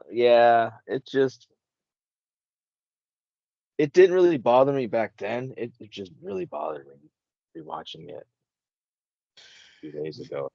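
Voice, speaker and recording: A man's voice: medium pitch, very animated, a little slow, vocal fry, pauses often, dark tone, no room sound, dull audio. A man co-hosting a podcast, talking bluntly and swearing freely in casual chat. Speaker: podcast co-host.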